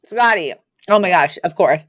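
A woman's voice: fairly low pitch, normal speed, no echo, studio quality. A woman co-hosting a podcast, casually retelling a sitcom episode and acting out the characters' lines. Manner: animated storytelling, acts out characters' lines with laughs. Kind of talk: casual chat.

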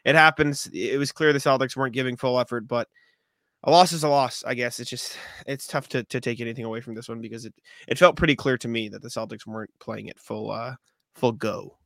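A man hosting a casual sports podcast, talking loosely and reeling off stats in quick lists. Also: medium pitch, vocal fry, fairly bright tone, no room sound, clean studio sound. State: has the hiccups. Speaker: podcast host.

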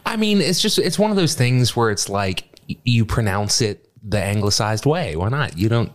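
A man's voice: medium pitch, sing-song, moderate pace. A man co-hosting a podcast in casual chat, loose and joking. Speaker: podcast co-host.

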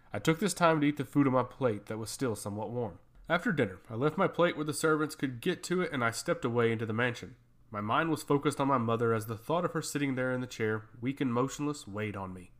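A man narrating a first-person fantasy story in a steady, measured reading. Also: mid-range voice.

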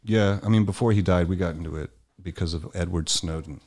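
A man with a very low, deep voice talks candidly in a relaxed chat, swearing freely. He tells personal stories and acts out the lines of the people in them. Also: brisk. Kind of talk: candid conversational storytelling.

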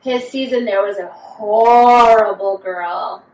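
A young woman co-hosting a podcast in casual chat, talking fast with lots of "like" fillers and mimicking voices in her stories. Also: mid-range voice, recorded from a distance. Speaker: podcast co-host. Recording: echoey room, a bit off-mic, faint background noise.

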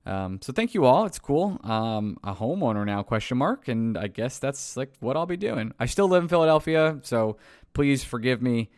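A man's voice: mid-range voice, sing-song, moderate pace, darkish tone. A tired man, hosting a podcast outro, rambling and poking fun at himself as he trips over names. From New York. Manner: rambling, self-mocking, stumbling over names. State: tired late at night. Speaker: podcast host.

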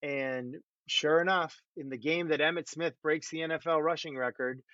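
A man's voice: on the high side, fairly even intonation, normal speed, bright, forceful tone, no room sound. A middle-aged man and former pro quarterback, telling stories about himself in a self-deprecating, laughing way in casual conversation. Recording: dull, dry muffled audio.

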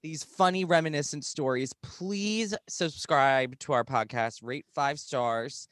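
A man's voice: on the high side, takes it slowly, a bit bright, no room sound, studio quality. A young man co-hosting a casual podcast, joking and rambling with lots of "like". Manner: joking, rambling with many likes. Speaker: podcast co-host.

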